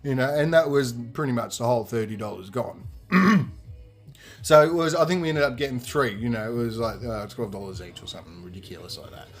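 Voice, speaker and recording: A man's voice: mid-range voice, fairly quick, soft background music. A young man hosting a podcast, telling a festival story casually, acting out the voices and swearing freely. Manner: animated, acts out quoted voices, swears freely. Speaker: podcast host.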